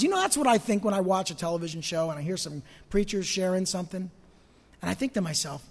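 In a large hall, a high-voiced male preacher speaks quickly and expressively. He asks the congregation rhetorical questions, swinging from loud emphasis to hushed asides.

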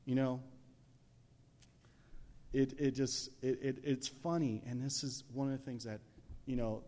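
With a medium-pitched voice and slight background noise, a man delivers a conversational, lively sermon in church. He dramatizes scenes, shifts between shouts and whispers, and often says "you know."

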